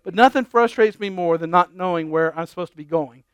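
Brief: middle-aged male pastor, high smooth voice, dry close sound, animated storytelling sermon. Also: fairly quick, no room sound, dull audio. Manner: animated, exasperated storytelling with quoted dialogue.

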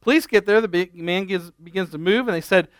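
A pastor preaches a sermon as a folksy storyteller, telling humorous stories at an unhurried pace with frequent ums and restarts. His voice is high and smooth, with no room sound.

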